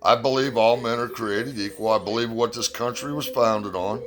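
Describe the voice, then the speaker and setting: A man's voice: mid-range voice, moderate pace, music in the background. A man from the United States giving a blunt, profane opinion rant and telling a fable.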